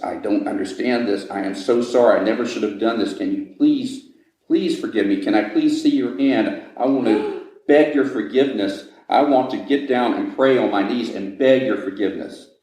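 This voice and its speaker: Guy doing a sobbing murderer begging, low soft voice, echoey room. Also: lightly acted. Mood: pleading. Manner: sobbing pleading, slow. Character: remorseful-sounding male killer begging forgiveness.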